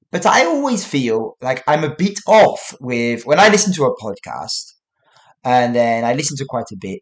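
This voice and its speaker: Guy, slow podcast talk for learners, lively ups and downs in pitch. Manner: deliberate, with long pauses. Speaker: podcast host and English teacher.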